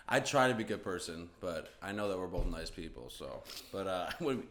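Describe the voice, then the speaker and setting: A man's voice: low-pitched, expressive, normal speed, vocal fry, fairly bright tone. A young man chatting as a podcast guest, easygoing and eager, with lots of agreeing fillers. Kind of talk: casual chat.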